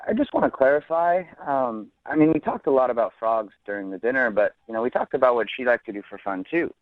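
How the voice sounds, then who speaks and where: A man's voice: medium pitch, expressive, fast, no room sound. A man calling in to a radio show by phone, talking hesitantly with lots of restarts and "I mean". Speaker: caller. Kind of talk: phone-in chat. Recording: thin phone line.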